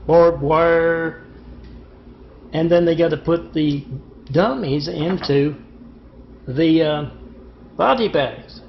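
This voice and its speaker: A man's voice: fairly high pitch, slow, long pauses, highs cut off, slight background noise. A man telling a meandering, conspiratorial monologue as a vlogger, with many fillers and restarts. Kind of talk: rambling monologue.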